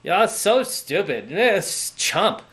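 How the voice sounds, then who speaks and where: A man's voice: sits high, sing-song, a little slow, fairly bright tone, voice pushed up, full character voice. A man putting on the voice of a scornful young woman who sneers at her boyfriend. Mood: sneering. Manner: sneering, dismissive.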